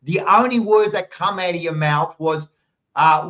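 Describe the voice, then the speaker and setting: A man's voice: on the high side, measured pace, fairly bright tone, dull audio. An Australian man hosting a footy chat show, blunt and heated, who swears freely and argues hard. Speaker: podcast host.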